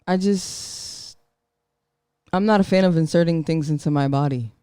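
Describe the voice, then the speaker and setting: A woman's voice: sits low, warm tone, smooth, no echo. Young female podcast guest, blunt and easily amused, recorded dry and close. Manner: blunt, quick to laugh. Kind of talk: casual podcast chat.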